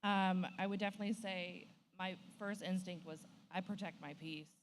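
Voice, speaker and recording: A woman's voice: lowish voice, fairly even intonation, moderate pace, a little hiss or hum. A woman sharing candidly on a church panel, laughing often and acting out what she said to others. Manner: candid, laughing, acts out her own quotes.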